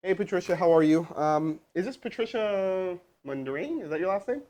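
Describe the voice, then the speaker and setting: Here a man with a high voice speaks at a normal speed. He runs a live cold sales call and afterward coaches his crew, loose and chatty, stumbling over fillers and restarts with an energetic, rambling manner.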